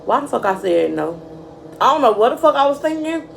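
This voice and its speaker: Young woman, vlogger, casual storytime, curses freely, talks to viewers as y'all, raspy vocal fry, faint hum behind. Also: sits high, fairly quick, poor audio. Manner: profane, animated, addresses viewers as y'all.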